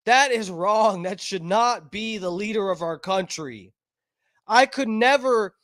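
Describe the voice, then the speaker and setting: A man with a high voice delivers a heated, profanity-laced rant at an unhurried pace. He circles back over the same points and swears constantly. The sound is dry and close, with no room echo. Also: fairly bright tone. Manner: angry, profane, repetitive. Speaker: online commentator.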